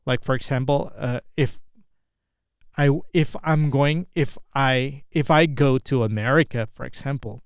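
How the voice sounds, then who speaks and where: A man with an Indonesian accent, a native Indonesian speaker, talking through an unscripted English speaking practice, halting and searching for words. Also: mid-range voice, clean tone, no room sound, clean studio sound.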